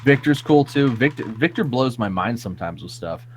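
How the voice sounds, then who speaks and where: A man's voice: mid-range voice, animated, normal speed. A man chatting casually as a podcast guest, laid-back and rambling with many fillers. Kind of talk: casual chat.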